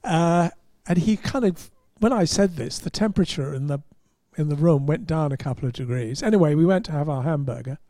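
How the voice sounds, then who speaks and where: A man, a podcast host and motoring journalist, telling an anecdote in an animated way and chuckling at his own punchlines. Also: on the high side, brisk, hardly any pauses, no echo, clean studio sound. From England. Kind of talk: anecdotal storytelling.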